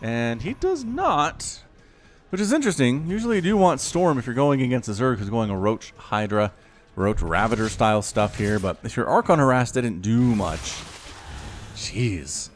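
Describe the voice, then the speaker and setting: A man casting a strategy game solo, chatty and excitable, with sudden high-pitched exclamations. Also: normal speed. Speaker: esports caster. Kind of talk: solo play-by-play game commentary. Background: faint background music.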